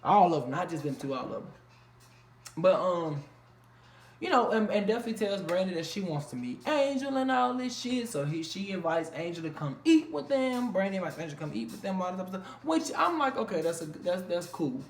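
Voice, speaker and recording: A man's voice: sits high, very animated, a little fast, a little hiss or hum. A man giving a casual, blunt, profanity-filled rant reviewing a reality show from a room at home. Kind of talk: casual vlog commentary. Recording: echoey room, faint ambience.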